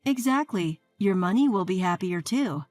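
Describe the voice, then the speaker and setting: A woman's voice: mid-range voice, expressive, normal speed, darkish tone, dry recording, faint music behind, lightly acted. Woman doing a pushy sarcastic sister-in-law. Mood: scolding. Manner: sarcastic, righteous and demanding. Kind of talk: scripted story narration.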